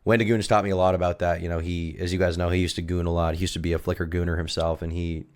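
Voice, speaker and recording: A man streaming live, delivering a melodramatic, self-pitying mock-serious rant in a deadpan tone. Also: low-pitched, fast.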